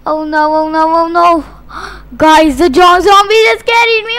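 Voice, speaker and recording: A woman's voice: very high voice, level tone, a little slow, fairly bright tone, dry recording. A young woman giving playful, dramatic play-by-play of a zombie game, often shrieking in mock panic. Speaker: gaming channel host.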